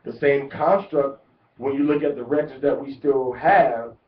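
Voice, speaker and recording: A man giving a deliberate religious lecture, repeating words to drive each point home. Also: medium pitch, steady tone. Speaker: religious teacher. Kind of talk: instructional lecture. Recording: echoey, distant, muffled lo-fi.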